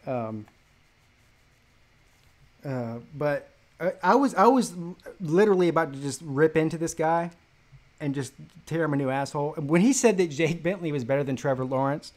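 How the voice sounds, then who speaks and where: A man's voice: fairly high pitch, lively intonation, normal speed, long pauses. A man hosting a casual sports talk stream, telling a story in a profane, mocking way.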